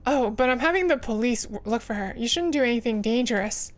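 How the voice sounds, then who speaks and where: Woman voicing a gentle considerate mom, polite, soft-spoken, fairly high. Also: lively intonation, brisk, faint music behind, lightly acted. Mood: worried. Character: calm, considerate middle-aged mother.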